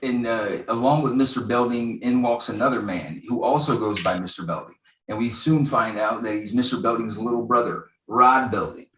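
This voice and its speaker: Male podcast co-host, mid-pitched, dry quips, heard with room echo and some distance from the mic. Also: normal speed, a bit bright. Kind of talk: casual recap of a TV episode. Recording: echoey room, set back from mic.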